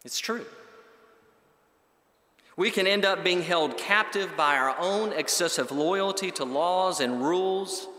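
Man, preacher, slow and emphatic, sermon, church sanctuary, long hall reverb. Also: high voice, sharp tone. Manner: measured, emphatic, builds lists.

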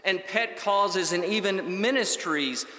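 A man preaching a sermon in a measured, emphatic way, building his points in lists. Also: high-pitched, sharp tone. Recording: echoey hall with long reverb.

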